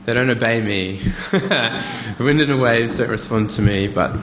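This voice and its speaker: A man's voice: medium pitch, a little slow, noisy background. Man preaching in an echoey hall. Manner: conversational, animated preaching with asides. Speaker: pastor. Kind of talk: sermon. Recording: echoey hall, faint ambience.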